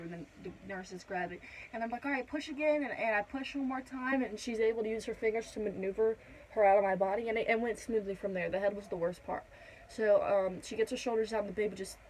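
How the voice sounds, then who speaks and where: A teenage girl vlogging a casual storytime at home, chatty and full of "like", acting out quotes in a higher voice. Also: darkish tone, a little hiss or hum, poor audio. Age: teens. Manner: chatty, says "like" a lot, acts out quotes in a higher voice.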